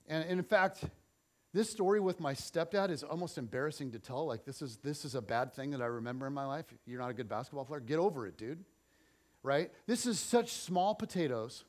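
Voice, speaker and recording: A middle-aged man preaching a church sermon and telling a personal story, swinging between loud and soft. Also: mid-range voice. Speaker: pastor.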